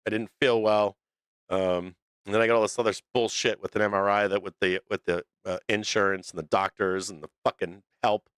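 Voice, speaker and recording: Profane middle-aged male stream host, low and rambling, dry room. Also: flat delivery, a little fast, fairly bright tone, clear, resonant tone, no echo. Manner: blunt, profane, rambling with restarts. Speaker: stock market show host. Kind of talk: casual livestream rant.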